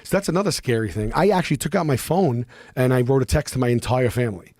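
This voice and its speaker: A man telling a story in a casual talk, animated and expressive, swearing freely and acting out what others said. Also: mid-range voice, fast, slight background noise. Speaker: podcast guest.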